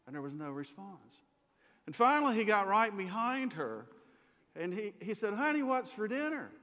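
A man's voice: sits high, sing-song, normal speed. A middle-aged man preaching a sermon, telling stories and acting out the voices in them. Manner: storytelling, acts out voices in anecdotes. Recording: dull sound in a reverberant hall.

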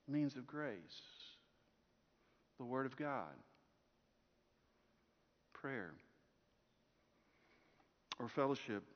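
Pastor preaching, echoing through a dull hall. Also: male voice, high-pitched. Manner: storytelling, swinging from strong projection to hushed softness. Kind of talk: sermon. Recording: long hall reverb, dull lo-fi sound.

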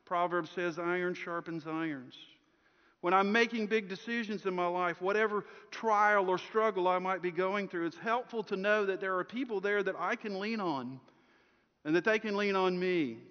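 Pastor preaching, echoing through a dull hall. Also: male voice, sits high, normal speed, smooth. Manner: storytelling, swinging from strong projection to hushed softness. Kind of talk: sermon. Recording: long hall reverb, dull lo-fi sound.

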